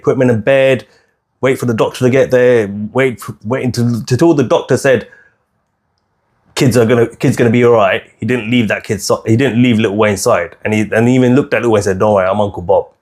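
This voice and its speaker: A man's voice: mid-range voice, steady tone, fairly quick, a little mellow. A man hosting a podcast, speaking in a heated, preachy way and repeating his points. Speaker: podcast host. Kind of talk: casual opinionated podcast chat.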